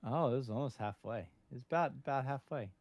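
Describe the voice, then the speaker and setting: A man co-hosting a casual podcast chat, joking and playful with animated asides. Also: medium pitch, a little fast, dry recording. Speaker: podcast co-host.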